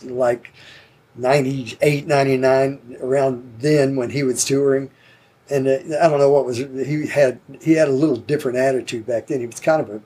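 A man's voice: medium pitch, darkish tone, slightly rough. A man telling rambling, laid-back stories in casual chat, swearing easily.

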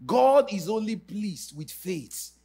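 A man's voice: high voice, sing-song, takes it slowly, dark tone, breathy edge, faint music behind. A man preaching a sermon to a church congregation, emphatic and sing-song, leading call-and-response. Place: church service.

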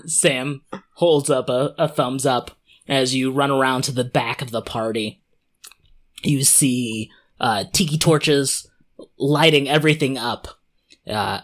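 A game master narrating a tabletop game in a descriptive, unhurried way with filler pauses. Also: mid-range voice, a bit bright.

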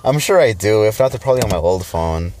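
Deep-voiced man telling a profane story. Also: expressive, fast, crowd noise. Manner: profane, storytelling, laughs often. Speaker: podcast co-host. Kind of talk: casual chat.

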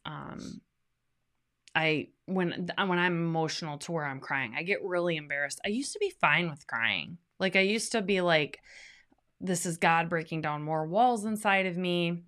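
A woman's voice: on the low side, unhurried, fairly bright tone. A middle-aged woman co-hosting a podcast in casual chat, candid and reflective as she shares personal experience. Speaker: podcast co-host.

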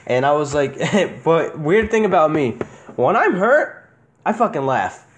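A man's voice: on the high side, sing-song, a little slow. A young man hosting a podcast, telling childhood stories in casual chat, swearing freely and laughing often. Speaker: podcast host.

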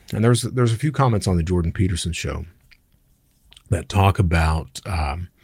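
Middle-aged man, husky and low, blunt storyteller who swears casually. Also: a little mellow, no room sound, clean studio sound. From United States. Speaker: channel host. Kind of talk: personal storytelling monologue.

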